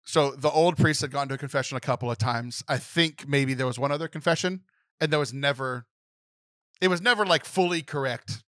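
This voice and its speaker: A man co-hosting a casual podcast chat, retelling a film plot in an animated way with many fillers. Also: mid-range voice, fairly quick, no echo, clean studio sound. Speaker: podcast co-host.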